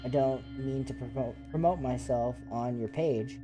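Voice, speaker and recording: A man who hosts a paranormal investigation channel, telling ghost stories in a casual live chat with excited, rambling talk full of fillers. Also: medium pitch, moderate pace, over music. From Canada.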